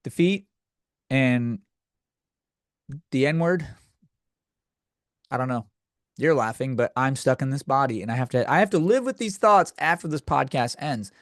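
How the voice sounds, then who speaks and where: A man hosting a comedy podcast, ranting through a story, jumping up into squealing highs when he quotes himself. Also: a little slow, pauses often, dry recording, studio quality. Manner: loud animated storytelling, squealing high for quoted outbursts. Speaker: podcast host. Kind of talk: comedic rant.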